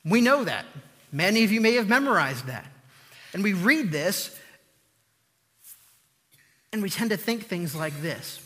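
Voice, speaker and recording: A man preaching a sermon, earnest and emphatic, repeating key points with slow deliberate pauses. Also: sits high, sing-song, bright, forceful tone, in a large hall.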